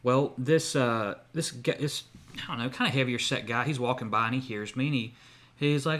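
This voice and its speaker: A man's voice: medium pitch, fairly quick, a bit bright. A man co-hosting a podcast, telling a long story in casual chat with many fillers and restarts. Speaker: podcast co-host.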